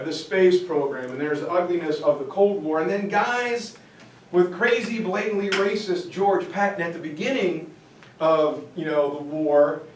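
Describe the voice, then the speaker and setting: A man giving a history lecture to parents, telling stories in a casual, lively way. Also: fairly high pitch. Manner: casual, animated storytelling. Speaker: high school teacher giving a parent lecture. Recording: echoey room, distant mic, faint noise.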